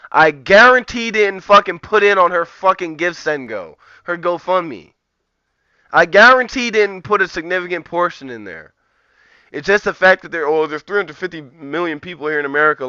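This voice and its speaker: A man's voice: sits high, pushed and bright, clean tone, no echo, lo-fi sound. A man streaming live, ranting profanely and rambling in a heated, casual way. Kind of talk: live-stream commentary rant.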